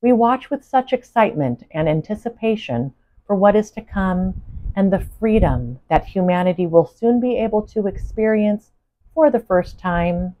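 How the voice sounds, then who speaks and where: A woman voicing an exuberant alien being from a distant planet, who speaks in an excited, effusive and formal way. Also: mid-range voice, normal speed, dull audio, pitched above the performer's own voice, close to an everyday voice.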